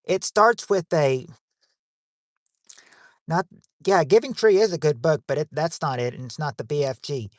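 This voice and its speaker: A man's voice: on the high side, normal speed, pauses often, no room sound. Dry-sounding man hosting a joking livestream game. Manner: joking, rambling, crude wisecracks. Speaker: game show host.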